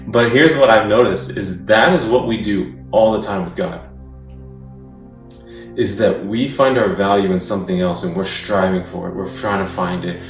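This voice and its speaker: Male youth speaker with a lowish voice, chatty sermon delivery, picked up from a distance in a reverberant room. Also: moderate pace. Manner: conversational, repetitive rhetorical lists, occasional chuckles. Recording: echoey room, distant mic, faint music.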